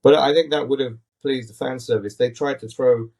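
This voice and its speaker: A man's voice: medium pitch, fairly even intonation, a little fast, darkish tone. A man hosting a casual podcast, talking in an opinionated, rambling, critical way into a tablet mic. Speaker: podcast host.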